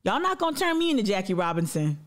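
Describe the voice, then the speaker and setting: A woman's voice: mid-range voice, very animated, fast talker. A woman hosting a livestream, giving a blunt, impassioned monologue full of profanity and repetition, speaking straight to her audience. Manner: addresses the audience directly and reads viewer comments aloud. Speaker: livestream host.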